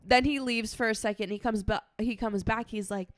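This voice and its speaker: A woman's voice: fairly high pitch, fairly even intonation, brisk, no room sound. A woman co-hosting a casual podcast, telling stories with lots of "like" and acting out what people said. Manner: storytelling with lots of "like" and acted-out quotes. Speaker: podcast co-host. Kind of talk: casual chat.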